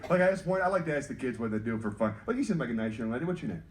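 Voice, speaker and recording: Talking very fast with a medium-pitched voice, this North Carolina comic does clean stand-up aboard a cruise ship. His act is lively, full of teasing audience banter and chats with children.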